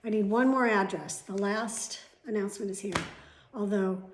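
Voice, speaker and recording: A woman's voice: mid-range voice, normal speed. A middle-aged woman vlogging at home, chatting casually to the camera with rambling asides and the odd swear word. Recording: echoey room.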